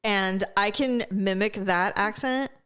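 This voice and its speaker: A woman's voice: medium pitch, takes it slowly, smooth. Giggly woman co-hosting a podcast. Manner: giggly, animated storytelling. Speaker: podcast co-host. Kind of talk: casual chat.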